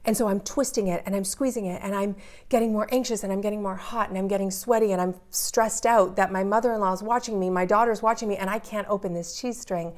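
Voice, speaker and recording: A woman's voice: medium pitch, fairly even intonation, quick pace. Earnest woman telling her story. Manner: earnest, vivid storytelling, building intensity. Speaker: interviewee. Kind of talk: personal story in an interview.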